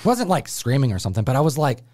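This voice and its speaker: In a mid-range voice at a quick pace, a comic book show host from Buffalo, New York, shares a family story casually. He's animated, acting out how his relatives talk.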